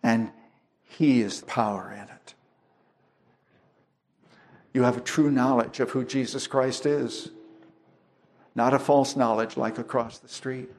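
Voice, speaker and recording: A man's voice: mid-range voice, fairly even intonation, a little mellow. A man preaching a sermon, explaining scripture with everyday illustrations and frequent restarts. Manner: slow, deliberate preaching with homely illustrations and restarts. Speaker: pastor.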